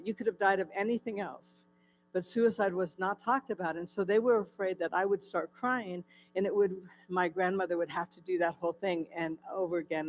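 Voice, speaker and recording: Her voice on the low side, a guest speaker from California recounts her testimony before a church audience in a church hall. She uses many fillers and addresses questions to the listeners, and the recording quality is poor.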